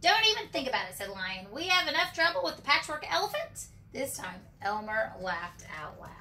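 A woman preschool teacher with a medium-pitched voice reads a picture book aloud to young children, getting animated for the character lines. She asks the kids questions and calls them friends, recorded from a distance with faint background noise.

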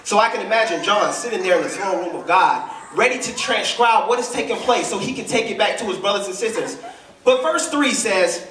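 A man preaching a sermon in church, with an impassioned delivery that climbs into shouts. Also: high-pitched, lively intonation, brisk. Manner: impassioned call-and-response preaching, building to shouts. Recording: echoey church hall, voice from a distance.

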